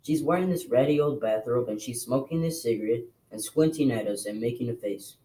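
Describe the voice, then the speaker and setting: A man with a mid-pitched voice reads a novel aloud for a class. He narrates in a steady, plain manner, without flourishes. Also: a little fast, low-quality recording. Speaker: reader.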